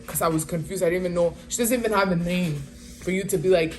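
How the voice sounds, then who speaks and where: Animated slangy woman telling a story. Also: lowish voice, a little fast. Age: 20s. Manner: animated, slangy, exasperated retelling. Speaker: vlogger. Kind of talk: casual storytime.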